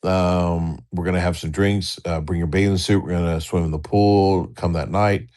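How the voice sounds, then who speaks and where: A middle-aged man with a fairly low voice tells a crude story in a rambling, casual way. He laughs often and acts out the other people's lines as he goes. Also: steady tone, moderate pace, a little mellow. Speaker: storyteller on a livestream talk show.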